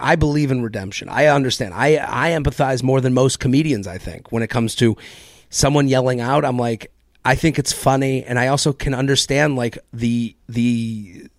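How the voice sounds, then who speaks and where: A man hosting a solo comedy podcast, telling a story in an animated way and acting out both sides of each exchange. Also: fairly high pitch, gravelly, no echo, clean studio sound. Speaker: podcast host.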